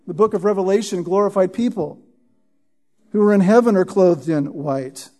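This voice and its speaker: A high-pitched, mellow-voiced pastor teaches verse by verse through an expository sermon. Words get repeated for emphasis, and he keeps checking in with "Right?"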